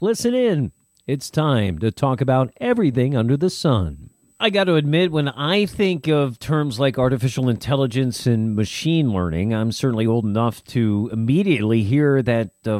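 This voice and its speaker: A middle-aged man opens his podcast as host, reading from a script in an upbeat, steady voice. He sits at a medium pitch, and the sound is close and dry with no room around it. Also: no echo.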